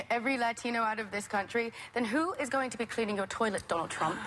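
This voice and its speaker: A woman's voice: a little high, fast, very noisy. A woman gives an earnest, indignant opinion. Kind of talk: opinionated speech.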